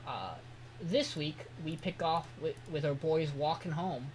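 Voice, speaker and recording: A man's voice: fairly high pitch, unhurried, slight background noise. A man co-hosting a podcast, giving a loose, joking episode recap with sarcastic asides. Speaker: podcast co-host.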